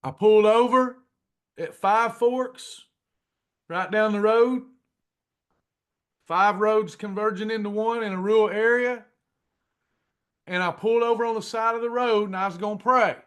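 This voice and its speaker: A middle-aged man telling a personal testimony to a class in a folksy, drawn-out way, acting out the dialogue. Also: high voice, a bit bright, clean tone. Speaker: pastor and weight-loss class leader.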